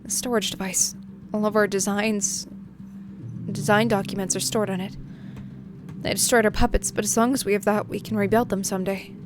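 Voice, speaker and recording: An anxious, earnest young inventor who stumbles over her words, read by a woman in a mid-pitched voice. Game music plays clearly behind. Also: flat delivery, a little fast, close to an everyday voice. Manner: anxious, hesitant.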